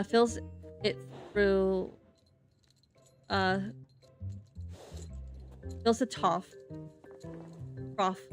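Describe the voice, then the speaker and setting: A woman streamer reading game narration aloud, stumbling over words and restarting often. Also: mid-range voice. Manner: halting reading with frequent slips and restarts.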